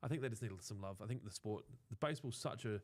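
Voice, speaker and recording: A man's voice: lowish voice, fast talker, dry recording. An Australian man co-hosting a lawn care live stream, chatting casually, joking and swearing freely. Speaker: co-host of a lawn care show.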